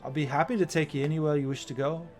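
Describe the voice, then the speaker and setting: A man's voice: on the high side, steady tone, rapid-fire, darkish tone, faint music behind, pitched above the performer's own voice, natural voice. A man voicing a cheerful young woman who drives a flying coach, eager and helpful.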